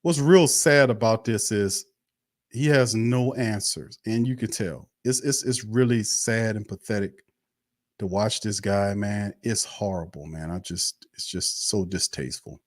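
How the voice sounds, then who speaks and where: A man's voice: on the low side, no echo, studio quality. A man hosting a live sports stream, ranting bluntly and profanely, repeating himself in heated bursts. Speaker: sports show host.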